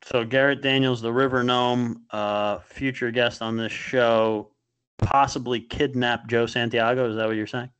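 A man's voice: medium pitch, little pitch movement, measured pace, fairly bright tone, smooth. A man hosting a podcast in a loose, joking, casual chat. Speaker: podcast host.

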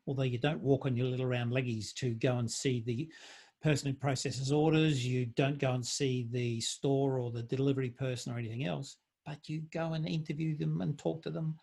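A man's voice: mid-range voice, vocal fry, darkish tone, husky. A man hosting a podcast, chatting in a jokey, easygoing way with his guest. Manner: jokey, chatty, laughs easily. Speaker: podcast host. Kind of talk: casual interview chat.

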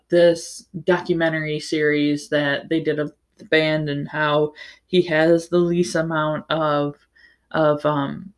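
A woman hosting a podcast, giving a casual, rambling book recap with plenty of fillers, restarts and the odd swear word. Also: sits low. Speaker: podcast host.

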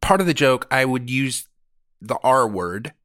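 A man's voice: mid-range voice, animated, measured pace, a bit bright, no echo, studio quality. A man in his forties co-hosting a casual comedy podcast, telling crude stories and acting out quotes in funny voices. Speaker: podcast co-host.

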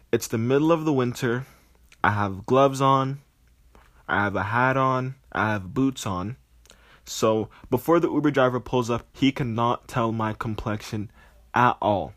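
A man spinning a comic anecdote with lively, exaggerated delivery. His voice sits at a medium pitch. The recording is dry and close, with no room sound. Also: no echo. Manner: animated, exaggerated retelling. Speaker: comedic storyteller. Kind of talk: comedic storytelling monologue.

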